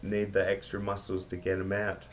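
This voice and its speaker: A man's voice: low voice, completely flat delivery, moderate pace, a little hiss or hum, lightly acted. A man voicing a cheeky pub worker who tells stories as a joke. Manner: cheeky storytelling banter. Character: cheeky male Aussie pub worker, joker.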